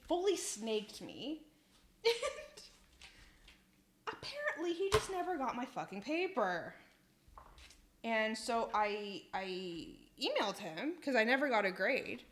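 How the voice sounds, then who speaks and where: A young woman in her twenties chats on a live cooking stream from her home kitchen. She laughs often and swears freely as she talks, in a voice pitched a bit high. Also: very animated, unhurried. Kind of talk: casual live-stream chat.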